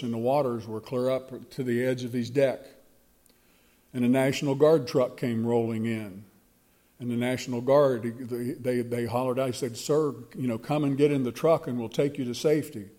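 Mellow-voiced man preaching a sermon. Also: mid-range voice. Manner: storytelling, slow emphatic delivery.

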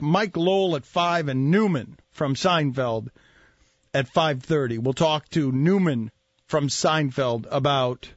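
Animated high-voiced male radio host. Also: no room sound, dull audio. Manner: animated, laughing, mock outrage. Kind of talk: casual sports talk radio.

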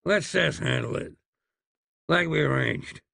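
A man's voice: a little high, measured pace, gravelly, pushed and bright, no echo, clean studio sound, pitched above the performer's own voice, heavily acted. A man voicing a rude, menacing cowboy outlaw in a storybook reading. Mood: surly. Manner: rude, drawling, threatening.

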